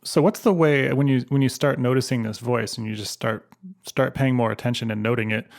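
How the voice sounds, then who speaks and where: A man's voice: mid-range voice, fairly even intonation, a little fast, vocal fry. Thoughtful man asking questions. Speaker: podcast host. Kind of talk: interview conversation.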